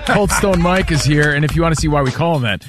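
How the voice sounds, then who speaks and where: A man's voice: a little high, fast, a bit bright, faint music behind. A man hosting a sports radio show, in easygoing, joking banter. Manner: easygoing, joking, laughs often.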